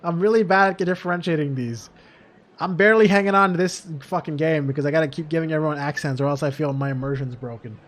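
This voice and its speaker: A man's voice: fairly high pitch, quick pace. A man streaming a game, chatting casually with a self-mocking tone and frequent swearing. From Canada. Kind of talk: gameplay commentary.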